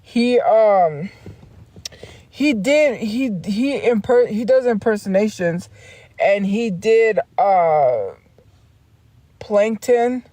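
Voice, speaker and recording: Chill woman streamer rambling on a live stream, slow and unhurried, laughs a lot, dry close sound. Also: medium pitch, animated, dark tone, no echo. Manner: rambling, laughing, trails off and restarts. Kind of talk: casual livestream chat.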